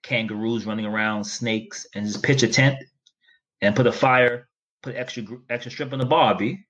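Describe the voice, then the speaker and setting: A man's voice: medium pitch, fairly even intonation, moderate pace, fairly bright tone, a little hiss or hum. A man hosting a podcast, chatting casually with playful, joking banter. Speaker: podcast host. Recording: dull, muffled sound.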